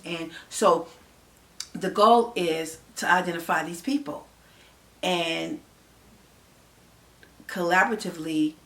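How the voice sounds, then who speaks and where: A woman's voice: fairly low pitch, a bit bright, recorded from a distance. An emotional woman giving impassioned vlog commentary to her viewers, rambling with many fillers and restarts. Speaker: vlogger.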